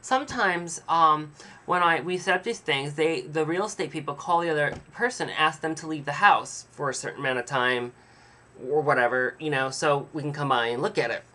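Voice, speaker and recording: A man's voice: fairly high pitch, a little fast, bright, forceful tone. A man voicing a chatty, hesitant female real estate agent in a storytelling vlog.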